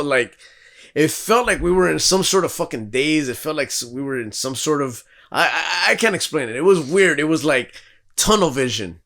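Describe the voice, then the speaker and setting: A man's voice: fairly high pitch, creaky. A man co-hosting a podcast, telling a story in casual, profane talk and acting out what people said. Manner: profane, animated, acts out quotes. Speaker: podcast co-host.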